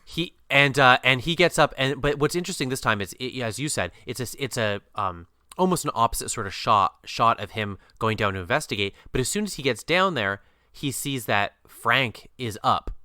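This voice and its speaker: A man's voice: medium pitch, lively intonation, normal speed, pushed and bright, dry recording. A man co-hosting a film podcast, musing about the plot in a rambling way with many "uh" and "um" restarts and dry asides. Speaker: podcast co-host. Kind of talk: casual film discussion.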